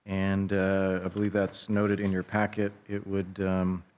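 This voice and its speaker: Low-voiced man giving a hesitant report. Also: completely flat delivery, a little slow, darkish tone, a little hiss or hum. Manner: hesitant, filler-heavy. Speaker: airport executive director. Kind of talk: meeting report.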